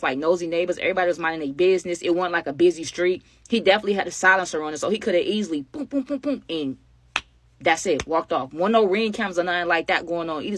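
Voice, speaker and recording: Give me a young woman vlogger telling an animated story, bright voice, dry close sound. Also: lowish voice, dry recording. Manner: animated, talks straight to viewers. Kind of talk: casual storytime.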